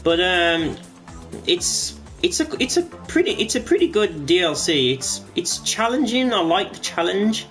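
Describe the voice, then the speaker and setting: A man with a fairly high voice talks loosely to his stream viewers while he plays, rambling along and dropping the odd swear. Faint game music runs underneath him. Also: very animated, unhurried, a bit bright. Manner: rambling, swears casually, frequent restarts. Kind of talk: casual gaming stream commentary.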